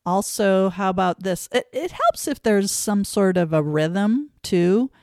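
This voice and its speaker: A woman's voice: mid-range voice, lively intonation, measured pace, darkish tone, no echo, clean studio sound. A woman giving kindergarten teachers classroom tips in a playful manner, breaking into sing-song chants to demonstrate them. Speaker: teacher trainer, podcast host.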